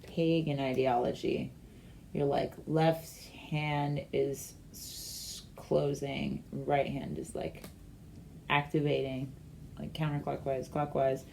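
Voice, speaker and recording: A woman giving a casual, meandering rune and tarot reading, talking slowly with many fillers. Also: low-pitched, gravelly, dark tone, slight background noise.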